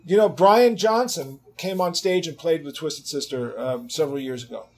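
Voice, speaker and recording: A man in his sixties, an interview guest telling casual anecdotes in an animated way, swearing freely and acting out the people he quotes. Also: on the high side, moderate pace. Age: 60s. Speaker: interview guest, rock guitarist.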